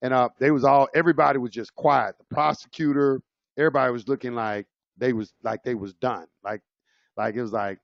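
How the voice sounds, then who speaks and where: A man's voice: mid-range voice, steady tone, brisk, creaky, no room sound. A man telling a story in a casual, rambling way, with loose phrasing and frequent restarts. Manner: rambling, loose and conversational, many fillers and restarts. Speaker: presenter. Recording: dull lo-fi audio.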